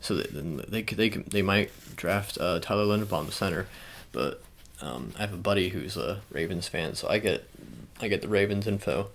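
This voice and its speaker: A young man speaking in a soft ASMR style, chatting casually and rambling with many fillers and restarts. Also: low-pitched, moderate pace, creaky, few pauses, slight background noise. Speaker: ASMR channel host. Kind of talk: soft-spoken ASMR sports talk.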